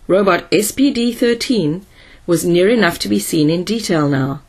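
Measured female audiobook narrator, slightly breathy voice, even delivery. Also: lowish voice. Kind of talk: scripted narration.

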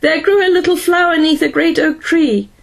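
A woman's voice: extremely high pitch, normal speed, gravelly, voice pushed up. Woman doing a giddy sing-song robot. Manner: sing-song, silly, giggling. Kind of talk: audiobook character voice.

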